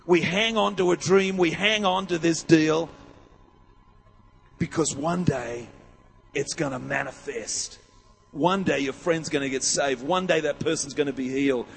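A man's voice: a little high, a little slow, vocal fry, faint music behind. A man preaching a sermon, emphatic and rousing, with many rhetorical questions. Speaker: pastor. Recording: long hall reverb.

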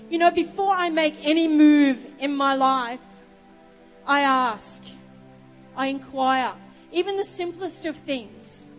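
An Australian woman preaching from the front with a high voice, telling a story and wandering off into asides. Her words ring out in a long, echoing reverb with soft music underneath. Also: slow pace. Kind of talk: sermon.

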